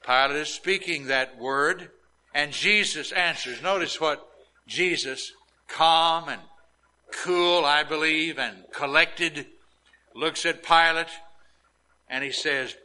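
A man's voice: on the high side, slow, sharp tone, rough recording. A man preaching a sermon who retells scripture emphatically and acts out the quotes. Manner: dramatic, emphatic storytelling with acted quotes.

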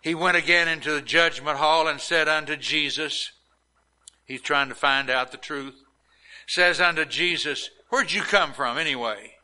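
A preacher delivers a sermon at a slow, deliberate pace and retells scripture with emphatic drama. His voice sits a little high and sounds bright and ringing. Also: fairly even intonation, smooth, low-quality recording. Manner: dramatic, emphatic storytelling with acted quotes.

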